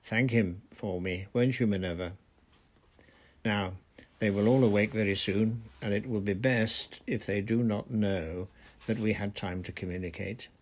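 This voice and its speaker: A man's voice: fairly even intonation, a little mellow. Dumbledore, a man doing a grave old wizard. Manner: low, measured and urgent. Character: wise old male wizard headmaster, calm and grave.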